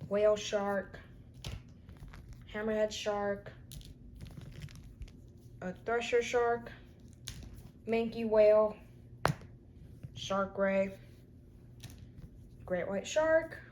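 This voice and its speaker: Slow-talking woman showing off her collection. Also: a little high, a little mellow, a little hiss or hum, poor audio. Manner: chatty, lists items one by one with short comments. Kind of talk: casual show-and-tell vlog.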